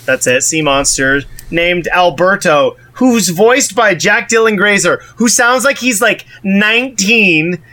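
A man with a high, bright voice talks through a movie plot in casual podcast chat. He is sarcastic and swears freely while he recaps. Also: animated, a little slow, hardly any pauses. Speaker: podcast co-host.

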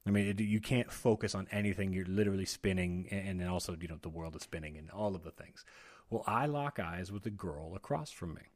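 Deep-voiced man telling a rambling story. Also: fairly quick. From United States. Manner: rambling, self-interrupting, laughing asides. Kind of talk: casual storytelling.

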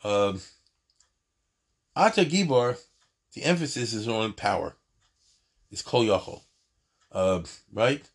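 A man's voice: lowish voice, very animated, slow pace, pauses often, breathy edge. A man teaching an informal lecture on prayer, talking in an emphatic, digressive way with many asides and restarts. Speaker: Torah teacher.

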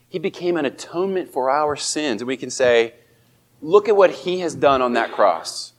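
A man preaching a sermon as a pastor, speaking earnestly and lifting his voice on emphatic lines. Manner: earnest, rises in pitch and volume on emphatic quotes.

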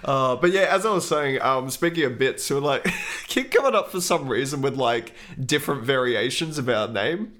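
A man's voice: mid-range voice, expressive, moderate pace, hardly any pauses, fairly bright tone. A young man, co-hosting a podcast in giggly, rambling casual chat. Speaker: podcast co-host. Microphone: podcast microphone with headphones.

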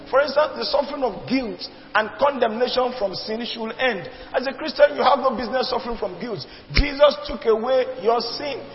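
A man preaching a sermon, emphatic and repetitive, calling on the congregation to respond. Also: very high voice. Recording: dull lo-fi recording with long reverb.

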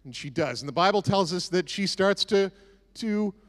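A man's voice: high-pitched, lively intonation, moderate pace. A man preaching a casual, conversational sermon with sarcastic, joking asides. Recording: echoey hall reverb.

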